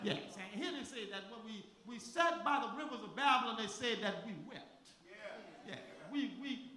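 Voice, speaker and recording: A male preacher with a very high, bright voice that rings out. He stutters over repeated words, then swells into a shouted, chanted cadence. His voice echoes in a church with a faint congregation behind him. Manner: stammering repetitions, rising into shouted chanted cadence. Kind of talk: sermon building to whooping climax.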